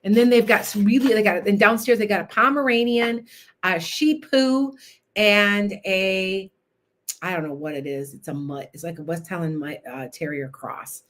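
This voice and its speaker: A woman's voice: mid-range voice, normal speed. An older woman hosting a live stream, chatting in a rambling, self-interrupting way. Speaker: livestream host. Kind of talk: casual live-stream chat.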